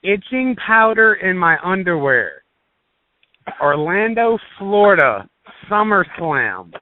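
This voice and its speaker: A man's voice: high voice, big pitch swings, slow pace, dry recording. Man reminiscing over a phone line. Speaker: guest, family member. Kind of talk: casual reminiscing. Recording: tinny dry phone line.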